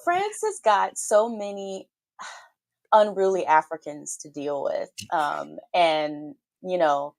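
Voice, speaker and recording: A woman's voice: lowish voice, animated, takes it slowly, vocal fry, dry recording. A woman co-hosting a morning talk show, explaining the news in a wry, conversational way with many fillers. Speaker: co-host. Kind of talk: casual political chat on a morning show.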